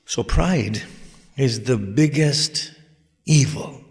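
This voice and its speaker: A man delivering a sermon lecture. He swings between hushed, near-whispered passages and loud, forceful exhortation, and puts rhetorical questions straight to his listeners. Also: medium pitch, slow, creaky, in a large hall. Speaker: religious lecturer.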